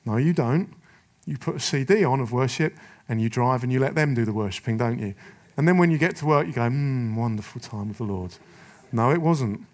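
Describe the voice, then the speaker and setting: A middle-aged man preaching a rallying sermon to men, forceful and urgent, slipping into little voices to act out excuses. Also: mid-range voice, fairly quick.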